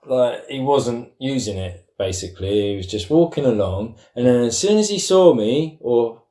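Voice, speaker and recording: A man slowly telling a story in casual podcast chat. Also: mid-range voice, lively intonation, warm tone, roomy sound, distant mic. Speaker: podcast co-host.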